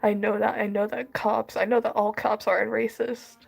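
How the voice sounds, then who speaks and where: Tearful woman with a husky, gravelly voice. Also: mid-range voice, flat delivery, moderate pace. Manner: tearful, sighing, dropping into whispers. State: crying. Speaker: vlogger. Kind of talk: emotional vlog rant.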